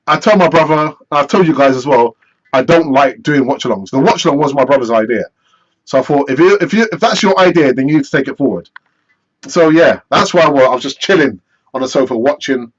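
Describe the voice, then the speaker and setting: A man hosting a live football fan stream, chatty and animated as he answers viewer messages. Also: medium pitch, fairly quick, highs cut off. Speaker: football fan channel host.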